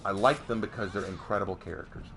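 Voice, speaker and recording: A young adult man ranting on a live stream in a casual, emphatic way, jumping up in pitch during heated outbursts. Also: quick pace, a little hiss or hum. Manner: animated, emphatic, voice jumps high in outbursts. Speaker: streamer and commentator.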